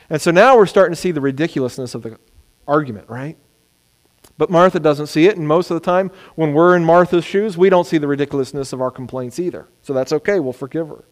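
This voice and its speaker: A man preaching a sermon, animated, sometimes acting out the words of people he quotes. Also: a little high, a little fast. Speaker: pastor. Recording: long hall reverb.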